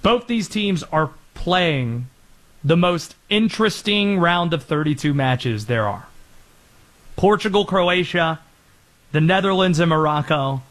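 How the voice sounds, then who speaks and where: Here a male sports talk host zips through punchy opinions and delivers an ad read. The pace is quick, the energy high, and his pitch swings vividly.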